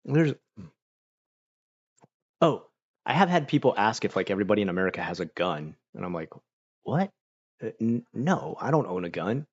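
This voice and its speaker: In a fairly low, slightly breathy voice at normal speed, a young man from Florida hangs out on a home livestream, reading and reacting to chat. He's chatty, uses lots of fillers, and livens up when quoting people. There's no room sound, and the audio is dull.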